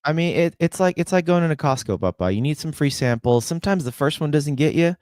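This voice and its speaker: A man's voice: a little high, lively intonation, quick pace, a little mellow, clean tone, no room sound, clean studio sound. A man co-hosting a soccer podcast, talking in an easygoing way with joking asides. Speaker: podcast co-host. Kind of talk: casual sports podcast chat.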